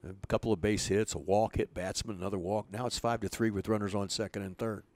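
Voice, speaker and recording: A man's voice: fairly low pitch, fairly even intonation, quick pace, a little mellow, dry recording. Older man telling rambling baseball stories. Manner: rambling, chuckling anecdotes with restarts. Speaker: retired pitching coach, interview guest. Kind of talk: casual storytelling.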